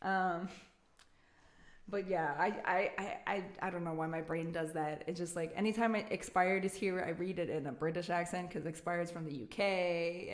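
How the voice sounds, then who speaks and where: A woman's voice: fairly low pitch, fairly even intonation, normal speed, reverberant. A woman with a Canadian accent, chatting casually with her live-stream chat in a giggly, talkative way. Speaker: music streamer.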